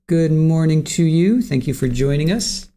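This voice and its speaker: A man's voice: a little high, lively intonation, moderate pace, dark tone. A man hosting a livestream, greeting viewers from the chat by name and chatting casually while waiting for court to start. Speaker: livestream host.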